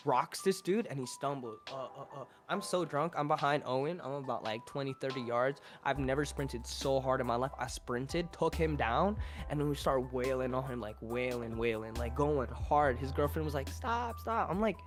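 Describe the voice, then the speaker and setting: A man's voice: mid-range voice, normal speed, hardly any pauses, over music. A young man telling a story as a podcast guest in casual, rambling talk, full of swearing and "like" fillers. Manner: profane, rambling, with filler 'like'.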